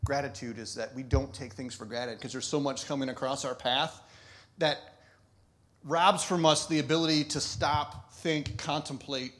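A man's voice: medium pitch, steady tone, moderate pace, fairly bright tone. A man preaching a conversational sermon, laughing often and restarting thoughts as he goes. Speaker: pastor.

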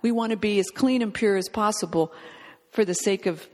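A woman's voice: mid-range voice, normal speed, big-room sound. A woman preaching a fervent, emphatic sermon, reading scripture aloud and urging her listeners on.

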